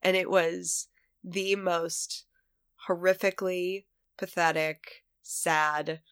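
Brief: thirties mom co-host, stuffed-up cold voice, animated storyteller, dry booth sound. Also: female voice, lowish voice, takes it slowly, clean tone, no echo. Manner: animated storyteller, laughs often. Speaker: podcast co-host. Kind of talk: casual chat.

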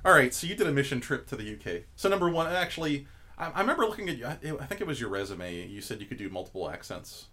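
A man hosting a podcast in casual chat, animated and rambling with restarts. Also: medium pitch, quick pace. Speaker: podcast host.

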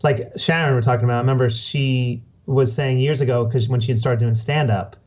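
A man hosting a casual interview, talking in a relaxed, reflective way. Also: medium pitch, a little fast. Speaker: podcast host.

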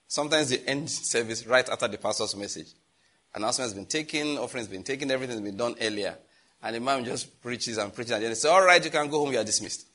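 A man with a Nigerian accent preaching a sermon as pastor, in a lively, chatty style with asides to the congregation. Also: medium pitch. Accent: Nigerian English. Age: adult, married.

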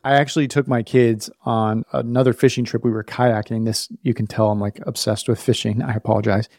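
A man's voice: medium pitch, little pitch movement, brisk, a little mellow, dry recording, clean studio sound. A man in his thirties hosting a parenting podcast, telling a personal story candidly and laughing at himself. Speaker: podcast host. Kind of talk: storytelling talk.

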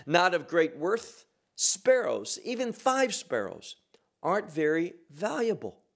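In a voice that sits a little high, a middle-aged man takes a Bible passage one verse at a time. He speaks with slow deliberation and hits important words with sharp pitch rises and falls.

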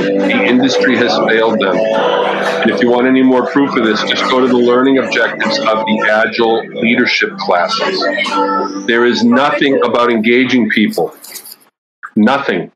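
A man who works as an agile coach and author, telling a story in an animated way on a podcast. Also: medium pitch, normal speed, over loud music, low-quality recording.

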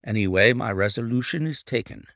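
A man's voice: mid-range voice, animated, a little fast, fairly bright tone, dry recording, studio quality. A man voicing a loyal, earnest male companion who protests and worries openly. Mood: determined. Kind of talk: audiobook reading.

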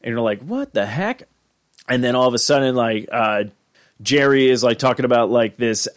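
A man's voice: mid-range voice, steady tone, brisk, smooth. A man hosting a podcast, giving a casual rambling recap full of fillers and restarts. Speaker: podcast host.

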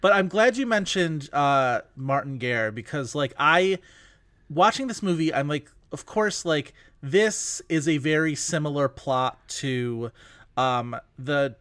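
Brief: young male co-host, mid-pitched, dry close-mic sound, wry casual chat. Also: expressive, takes it slowly, a bit bright, no room sound. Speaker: podcast co-host.

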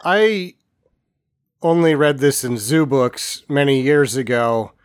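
A man's voice: medium pitch, takes it slowly, clear, resonant tone, no echo, studio quality. A man chatting casually about a film, making wry remarks and swearing now and then. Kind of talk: casual movie chat.

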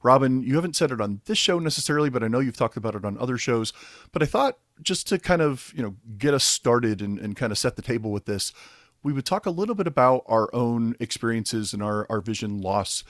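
Male podcast host, relaxed and rambling, mid-range voice, dry recording. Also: mid-range voice, a little fast, no room sound. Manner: easygoing, rambling with restarts. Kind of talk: casual podcast chat.

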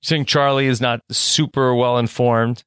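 A man co-hosting a podcast, speaking in a measured, thoughtful way and posing questions in casual chat. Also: medium pitch, fairly even intonation, a bit bright, smooth, no echo, clean studio sound. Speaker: podcast co-host. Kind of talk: casual chat recapping a reality show.

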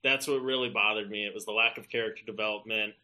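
A man's voice: on the low side, steady tone, fast talker, bright, forceful tone. A man giving an easygoing review in a casual movie chat.

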